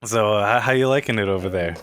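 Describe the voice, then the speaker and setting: A man's voice: on the low side, quick pace, a bit bright, slight background noise. An American man hosting a podcast in casual chat, enthusiastic and swearing freely, with a lot of filler words. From United States. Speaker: podcast host.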